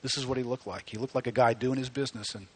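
A man preaching a sermon, animated and conversational, rising to near-shouts at high points. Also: very fast, husky. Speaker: pastor.

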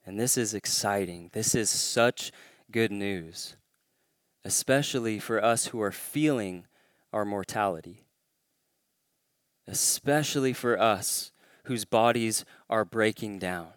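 Emphatic male pastor, slow and clear. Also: fairly low pitch, no room sound, studio quality. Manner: emphatic, rising to stress key claims. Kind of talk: sermon.

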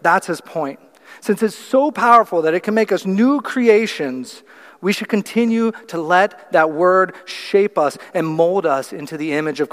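Preacher, male, fairly high voice, earnest and emphatic, church hall reverb. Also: a bit bright. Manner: earnest, explanatory, emphatic repetition. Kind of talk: sermon.

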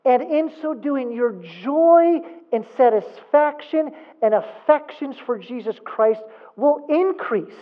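A man's voice: extremely high pitch, slow pace, hardly any pauses. A man preaching a sermon as a pastor, emphatic, asking rhetorical questions and repeating points for emphasis. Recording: phone-like thin sound.

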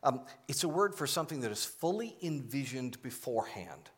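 A man's voice: mid-range voice, sing-song, brisk, husky. A male pastor preaching a sermon in a conversational, explanatory way, asking the congregation to answer aloud.

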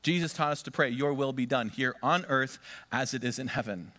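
Male pastor, mid-pitched voice, sermon delivery, emphatic stresses, call-and-response with the congregation. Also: brisk. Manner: emphatic, swings between loud stresses and quiet asides.

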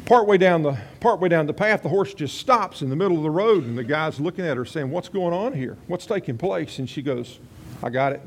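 A man's voice: on the high side, darkish tone. Folksy male preacher telling a story. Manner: folksy, conversational, rambling asides. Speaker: pastor. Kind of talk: sermon with storytelling.

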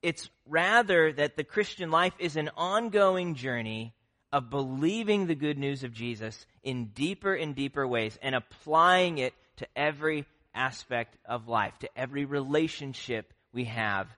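A man's voice: mid-range voice, a little slow, pushed and bright. A man preaching a sermon as pastor, earnest and conversational, with occasional fillers and restarts.

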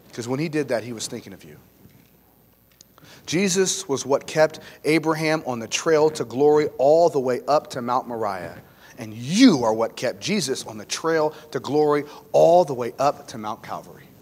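A man preaching a sermon with impassioned emphasis, swinging from loud to hushed. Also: medium pitch. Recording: long hall reverb, faint noise.

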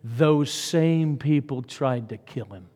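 A man preaching a sermon, swinging from loud emphatic lines to hushed whispers. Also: medium pitch, slow. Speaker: pastor. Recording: long hall reverb.

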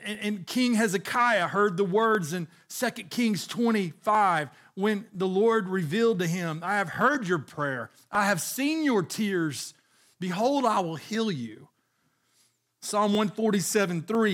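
Earnest higher-voiced male preacher. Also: a little slow, fairly bright tone. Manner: earnest preaching, reads scripture aloud, frequent restarts. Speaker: pastor. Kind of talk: sermon.

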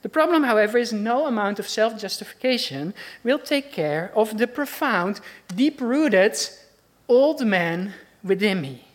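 A woman's voice: a little high, expressive, unhurried. A woman preaching a sermon in an earnest, reflective manner.

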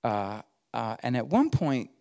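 A middle-aged man delivers a sermon, his voice carrying a gravelly edge. He tells stories in a folksy, easygoing way. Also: medium pitch, sing-song, measured pace, mellow. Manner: folksy storytelling with laughs and quoted voices. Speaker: pastor.

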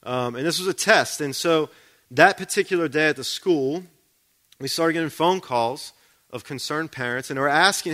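Bright-voiced man preaching conversationally. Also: fairly high pitch, animated, fairly quick. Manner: conversational, asks the congregation questions. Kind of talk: sermon.

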